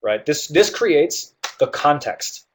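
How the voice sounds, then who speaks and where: A man's voice: on the high side, sing-song, slow. A male tutor walking students through reading question types, explaining in an easygoing way with many fillers and "right?" checks. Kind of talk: guided test-prep walkthrough.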